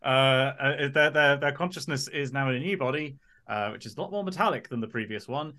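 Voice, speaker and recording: A man's voice: mid-range voice, brisk, bright, forceful tone. A man playing in a tabletop game, talking casually with many hesitations. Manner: hesitant, full of fillers. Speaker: player. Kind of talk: casual group chat.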